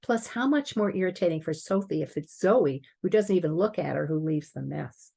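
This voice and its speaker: Low, gravelly-voiced woman lecturer. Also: expressive, moderate pace, dark tone. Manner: earnest, explanatory, occasional throat clearing. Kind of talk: prepared conference talk.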